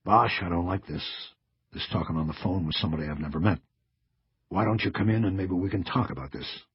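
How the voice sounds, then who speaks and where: A wary male federal agent who gives little away, as a narrator plays him. The voice is low and husky. The recording is dry and a little muffled. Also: brisk, no echo, full character voice. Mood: guarded. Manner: guarded, evasive.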